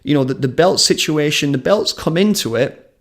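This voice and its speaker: A man's voice: on the high side, moderate pace. A man hosting a live combat sports stream, talking in a chatty, rambling way and telling anecdotes in a studio.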